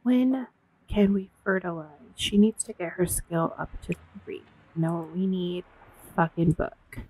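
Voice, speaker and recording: A woman commentating casually on her own gameplay, gasping and voicing the characters in quick asides. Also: fairly low pitch, darkish tone, breathy edge, rough recording. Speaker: gameplay streamer. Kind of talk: casual let's-play commentary.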